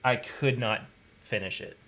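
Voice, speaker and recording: A man of middling pitch sits in as a guest on a casual live stream. He talks in an agreeable, conversational way. He often echoes and backs up the hosts. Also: measured pace, a bit bright. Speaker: podcast host guest.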